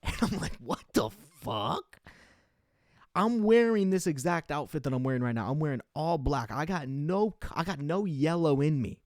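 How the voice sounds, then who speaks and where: A man's voice: fairly high pitch, expressive, fairly quick, few pauses, darkish tone, no room sound, studio quality. A young man telling a rambling, profane comic story in a casual monologue, full of fillers and restarts.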